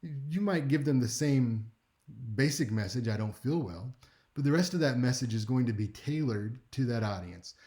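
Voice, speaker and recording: A male speech instructor delivers a recorded class lecture in a mellow, warm, mid-pitched voice at normal speed. He's animated, conversational and wry, often checking in with listeners by asking "right?"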